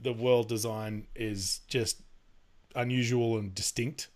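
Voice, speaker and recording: A man's voice: medium pitch, steady tone, takes it slowly, a little mellow. A man in casual podcast chat, rambling with lots of fillers, laughing and swearing as he talks. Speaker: podcast co-host.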